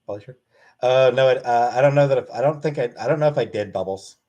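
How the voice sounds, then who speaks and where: A man's voice: medium pitch, fast, warm tone. Blunt man chatting casually with viewers. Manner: blunt, offhand. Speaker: streamer answering chat. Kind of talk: casual live-stream chat.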